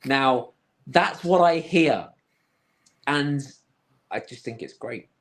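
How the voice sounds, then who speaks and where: A man's voice: mid-range voice, expressive, slow. A man with a mid-range voice muses over a film in casual podcast chat. He rambles and restarts his sentences, with dry humour in the asides. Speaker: podcast co-host.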